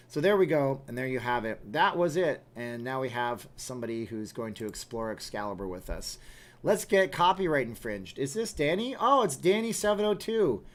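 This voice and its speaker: A man in his thirties hosting a casual livestream, reading viewer comments aloud and answering them. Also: medium pitch. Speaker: livestream host.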